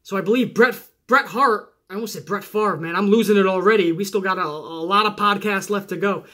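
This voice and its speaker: High, bright-voiced male podcast host. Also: a little fast. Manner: animated, chatty, swears, talks straight to listeners. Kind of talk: casual wrestling podcast commentary.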